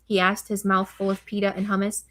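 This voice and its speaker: A woman's voice: mid-range voice, completely flat delivery, a little fast, fairly bright tone. A woman narrating a thriller novel as an audiobook, reading steadily with occasional slips and restarts.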